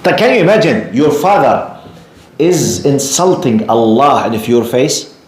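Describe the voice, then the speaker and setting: A man giving a storytelling religious lecture to a live class, animated and often asking the audience questions. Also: medium pitch, a little slow, slight background noise. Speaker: Islamic lecturer. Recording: echoey room.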